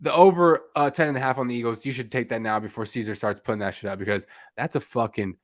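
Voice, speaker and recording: A man's voice: mid-range voice, steady tone, fast talker, no room sound, clean studio sound. A man hosting a casual sports podcast, laid-back, swearing freely and talking to listeners as folks. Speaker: podcast host.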